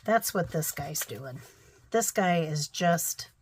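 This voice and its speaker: A woman's voice: low voice, expressive, slow, husky. A woman narrating her crafting casually, thinking aloud with chatty, self-deprecating asides.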